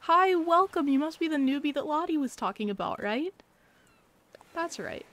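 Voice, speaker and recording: A woman voicing a cheerful, proud young male monkey guide in a bright, eager way. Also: high-pitched, expressive, normal speed, voice pushed up.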